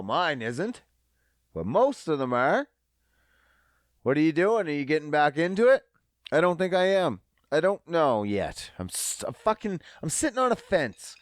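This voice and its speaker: A young man rants alone on his podcast, profane and rambling, often laughing at his own jokes. His voice is fairly high and leaps all over the place. The sound is dry and close. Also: clear, resonant tone, no room sound. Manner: profane, rambling, self-mocking. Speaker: podcast host. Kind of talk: solo comedic podcast rant.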